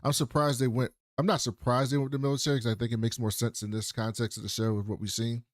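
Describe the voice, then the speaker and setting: Man, casual podcast co-host, animated storyteller, mid-pitched voice, dry close mic. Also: quick pace, dry recording. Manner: animated storyteller, swears freely. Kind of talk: casual recap chat.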